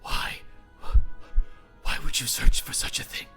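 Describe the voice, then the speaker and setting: A man voicing a terrified, breathless male gray orc scout who shouts in shrill panic. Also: extremely slow, faint music behind, exaggerated voice. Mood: incredulous.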